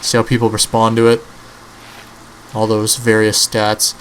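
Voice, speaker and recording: A man's voice: lowish voice, completely flat delivery, measured pace, a bit bright, slight background noise, rough recording. A man in his early twenties giving casual, rambling gameplay commentary as a channel host, swearing offhandedly. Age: early 20s.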